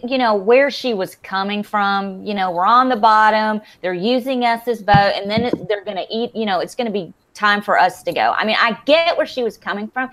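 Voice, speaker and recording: A woman hosting a casual group chat, ranting bluntly and swearing freely. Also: mid-range voice. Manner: blunt, profane, animated ranting. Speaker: show host.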